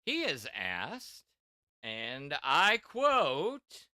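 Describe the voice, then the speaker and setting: A man's voice: fairly high pitch, huge pitch swings, very slow, pushed and bright, dry recording, studio quality. A middle-aged man hosting a casual tech chat, rambling with many restarts and fillers. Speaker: podcast host.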